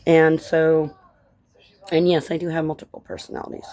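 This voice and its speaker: A woman's voice: low voice, level tone, moderate pace, dark tone. Chatty woman from Colorado. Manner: chatty, tangent-prone, encouraging. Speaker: vlogger and author. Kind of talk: casual rambling chat.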